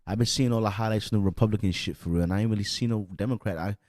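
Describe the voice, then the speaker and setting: A man's voice: fairly low pitch, very fast, darkish tone, dry recording, studio quality. A young man hosting a podcast in a casual, blunt and profane rant. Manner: blunt, profane, repetitive, heated. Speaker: podcast host.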